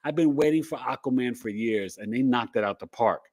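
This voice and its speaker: A man's voice: mid-range voice, a little fast, a little mellow. A middle-aged man hosting an astrology livestream, chatting casually in a rambling, upbeat way with asides to his viewers. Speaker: astrology podcast host.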